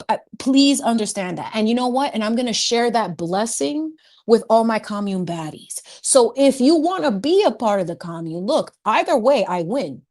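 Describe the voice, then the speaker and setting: A woman's voice: a little high, darkish tone. A woman hosting a casual livestream chat, playful and sassy, laughing often and dropping in Spanish words. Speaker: livestream host.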